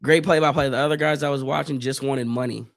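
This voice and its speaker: A man from Northeast Ohio hosting a live stream, giving casual play-by-play, chatting with viewers in loose slang, his voice getting hoarse. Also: medium pitch, steady tone, fast talker, dry recording, studio quality. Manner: chatty, loose slang, reads chat aloud. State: voice going hoarse.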